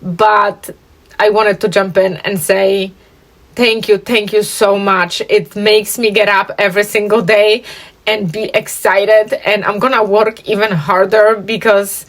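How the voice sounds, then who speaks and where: A woman's voice: medium pitch, little pitch movement, unhurried. Chatty woman sewing vlogger. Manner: chatty, rambling, with fillers. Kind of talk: casual chat.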